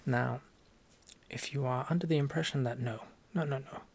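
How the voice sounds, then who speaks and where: A young Norwegian-accented man in a whispered role-play as a teacher, talking softly and haltingly into a close mic. His voice has a gravelly, fry-laden edge, and his jokes land deadpan. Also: mid-range voice. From Norway. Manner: soft-spoken, halting, deadpan joking. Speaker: ASMR creator playing a language teacher.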